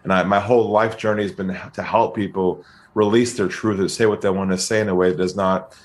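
Low-voiced calm storytelling man. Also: brisk. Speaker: guest, sales trainer. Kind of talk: podcast interview storytelling.

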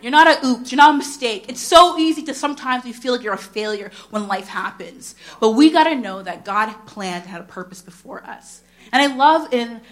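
While delivering a sermon, a woman in her thirties recounts something from her own life. She performs the dialogue herself with lively animation, her pitch leaping dramatically between lines.

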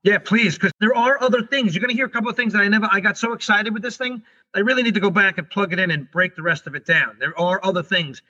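A middle-aged man, a guest on an interview show, telling a story in a rushed, animated way and often restarting his sentences. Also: high voice. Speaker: guest, comedian and paranormal investigator. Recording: dull lo-fi recording.

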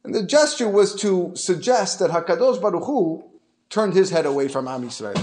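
A man teaching a Torah lesson as a lively story, mixing in Hebrew terms and restarting phrases as he goes. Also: high-pitched, a little fast.

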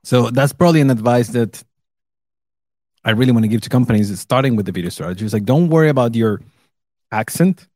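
A man in his thirties, an English speaker, chatting casually as co-host, relaxed and laughing often. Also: mid-range voice, fast, pauses often, no room sound. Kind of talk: casual chat.

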